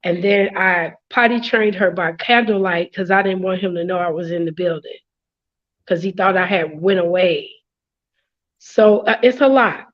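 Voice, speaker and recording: A woman guest earnestly sharing her personal story, openly emotional as she speaks. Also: medium pitch. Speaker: guest on a live show. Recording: dull lo-fi sound.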